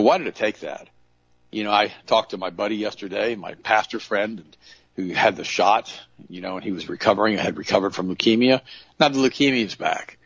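A man with a low, gravelly, husky voice tells stories in a casual, earnest monologue and often stumbles over restarts. The recording is dry and sounds dull and lo-fi. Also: fairly bright tone, dry recording. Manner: earnest storytelling, repeating himself, restarts.

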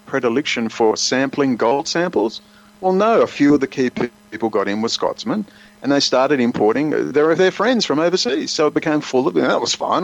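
A man speaking as a guest in an emphatic, rambling conversational style, often slipping into quoted voices. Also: medium pitch. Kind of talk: animated conversational commentary. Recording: muffled lo-fi audio.

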